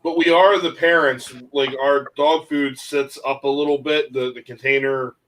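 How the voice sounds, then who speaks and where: A man, a guest on a casual talk show, chatting in an easygoing, slightly halting way. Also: medium pitch, steady tone, a bit bright, slight background noise, rough recording. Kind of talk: casual chat.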